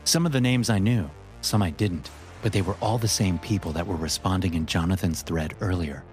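Low-pitched male horror narrator, tense first-person telling, soft music under him. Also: a little fast.

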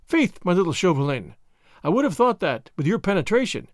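A man's voice: high voice, sing-song, brisk, no room sound, studio quality. A man reading a story, voicing a witty, bored young French noblewoman with a gay, teasing manner. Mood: arch, teasing. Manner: gay, teasing, airy delivery.

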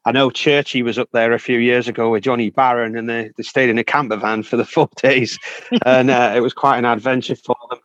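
A man's voice: mid-range voice, flat delivery, brisk, a bit bright, dry recording. Man, northern english accent, cricket correspondent, rambling banter, dull lo-fi line, dry. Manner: teasing, rambling with fillers. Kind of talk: casual cricket chat.

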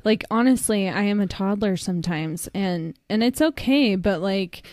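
A woman's voice: medium pitch, moderate pace, darkish tone, no echo. A young woman co-hosting a podcast in candid, casual chat, swearing freely and laughing often. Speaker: podcast co-host.

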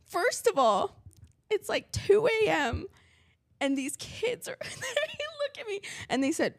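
Podcast co-host, young woman, lively gravelly voice, dry close sound. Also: sits high, a little slow, dry recording. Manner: giggly, slips into a put-on British accent. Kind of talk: casual chat.

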